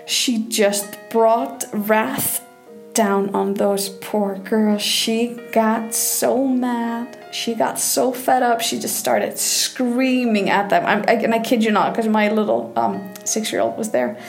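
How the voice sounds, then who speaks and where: A woman from Iceland, a sexologist chatting casually with laughs and fillers, recorded on a phone headset in her bathtub. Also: fairly high pitch. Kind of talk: casual storytelling monologue.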